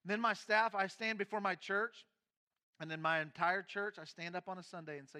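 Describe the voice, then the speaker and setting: A middle-aged man who is a pastor, telling his own story in a sermon, candid and shifting between quiet and emphatic moments. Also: high-pitched, fairly even intonation, moderate pace, clear, resonant tone. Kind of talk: sermon testimony.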